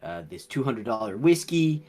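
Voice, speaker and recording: Lively man running a tabletop game. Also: mid-range voice, normal speed. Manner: lively, restarts, stumbles over words. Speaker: dungeon master.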